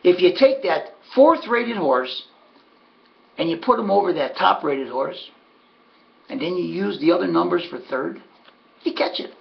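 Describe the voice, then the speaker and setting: A man's voice: high-pitched, expressive, measured pace, vocal fry, long pauses, highs cut off. A man giving a casual, folksy recap of his race picks, sardonic and talking to himself about his bets. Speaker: harness racing handicapper.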